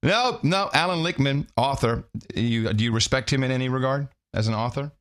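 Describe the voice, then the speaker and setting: Brief: male podcast co-host, animated swooping delivery, teasing. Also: mid-range voice, moderate pace. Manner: playful, mocking, laughs often. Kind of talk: casual chat.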